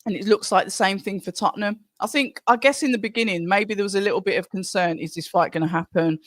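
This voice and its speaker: A middle-aged woman hosts a live stream from home, chatting casually and reading viewer comments aloud. She speaks fast in a medium-pitched voice, with studio-quality sound and no echo.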